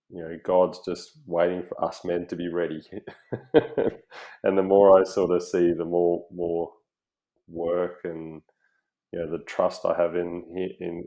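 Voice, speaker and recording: Man, very deep voice, relaxed reflective talk, interview guest. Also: low-quality recording. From Australia. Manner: relaxed, reflective, many fillers. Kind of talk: casual conversational interview.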